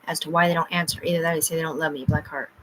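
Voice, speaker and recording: A woman's voice: low-pitched, fairly even intonation, racing, noisy background. A woman talking to her livestream in a rambling, agitated, heavily profane rant.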